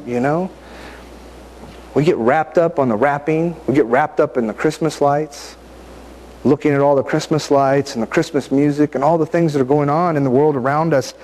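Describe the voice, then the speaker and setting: A man's voice: a little high, darkish tone, a little hiss or hum. A man giving a conversational sermon, often asking his listeners questions and reading scripture aloud. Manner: conversational, asks the audience questions. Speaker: preacher.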